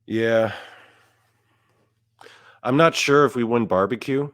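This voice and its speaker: A man's voice: mid-range voice, slow pace, fairly bright tone, no room sound, studio quality. A young man from South Korea doing a profane, mock-boastful stand-up rant, quoting his friends in asides. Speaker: comedian.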